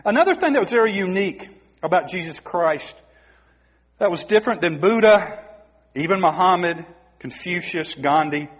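Husky preacher in a big hall. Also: male voice, high voice, lively intonation, moderate pace. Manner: emphatic, rhetorical questions to the congregation. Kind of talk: sermon. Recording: dull, muffled recording in a reverberant hall.

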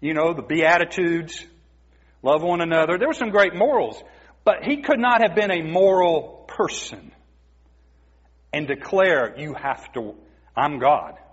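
A man's voice: sits high, lively intonation, unhurried, long pauses. A man preaching a sermon, emphatic and asking the congregation rhetorical questions. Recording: dull, muffled recording in a reverberant hall.

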